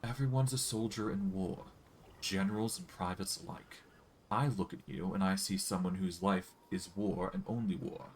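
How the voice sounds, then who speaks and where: Guy reading a hunted elf woman, defiant, low voice, fantasy game. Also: steady tone, slight background noise, close to an everyday voice. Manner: reading game dialogue aloud, measured.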